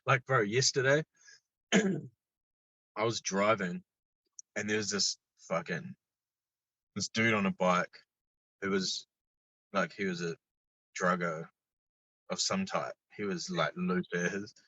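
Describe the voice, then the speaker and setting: A man talks as a podcast guest in a loose, easygoing way and swears freely. His low voice has a forceful, bright edge. The recording sounds dull and dry. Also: slow pace, pauses often, no room sound. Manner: laid-back, swears freely, lively when telling stories. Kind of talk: casual chat.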